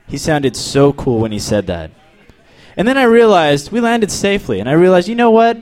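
Young guy from texas doing crude deadpan standup, kinda high voice, bounces around a lot. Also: moderate pace. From El Paso, Texas. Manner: deadpan, crude, stumbling restarts. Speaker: stand-up comedian. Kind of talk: stand-up set and casual interview.

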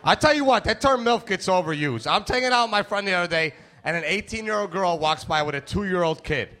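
A man's voice: sits high, animated, brisk, pushed and bright. A man doing a crude, brash stand-up comedy routine, joking with members of the crowd.

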